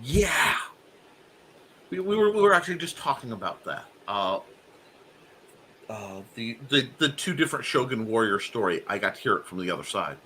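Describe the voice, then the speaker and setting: A man hosts a relaxed talk show, his voice bright and forceful with a lot of lift and fall. He talks in an animated way, laughing often and restarting his sentences, over a faint hum of room ambience. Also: mid-range voice, moderate pace, long pauses. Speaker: host. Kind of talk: casual chat.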